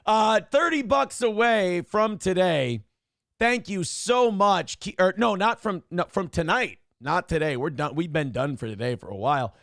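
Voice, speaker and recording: Brash high-voiced man hosting a stream. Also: lively intonation, unhurried, dry recording, clean studio sound. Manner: loud, swings between joking shouts and low asides. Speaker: show host reading chat donations. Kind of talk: casual livestream chat.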